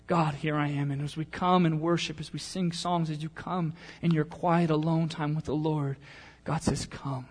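Man preaching with a fairly high voice. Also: flat delivery, moderate pace, hardly any pauses. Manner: conversational storytelling with humor, then softer earnest appeal. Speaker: pastor. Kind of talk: sermon.

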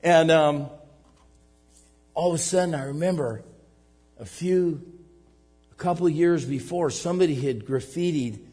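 A middle-aged man, a pastor and missionary, preaching a sermon and telling a personal story, stumbling over repeated restarts and swinging between loud outbursts and hushed asides. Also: a little high, measured pace, long pauses, breathy edge. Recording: long hall reverb.

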